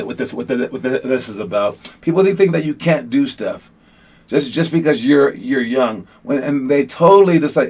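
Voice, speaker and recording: Rambling, animated youth basketball coach man. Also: mid-range voice. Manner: rambling, animated, many restarts and fillers. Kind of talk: casual motivational talk to players.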